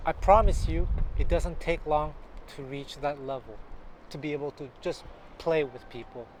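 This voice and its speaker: A man's voice: a little high, normal speed. Chatty man vlogging on a noisy street. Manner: chatty, self-correcting, animated asides. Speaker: jazz guitar teacher. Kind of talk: casual talking-to-camera vlog. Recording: noisy outdoor street recording with traffic.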